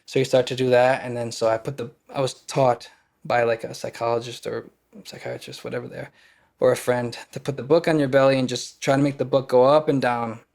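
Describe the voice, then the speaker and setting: A man's voice: mid-range voice, flat delivery, a little fast, vocal fry, darkish tone. A young man from Wisconsin, an actor and podcast guest, telling personal stories in loose, rambling casual talk and acting out his own past panic in quoted lines. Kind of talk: casual storytelling conversation.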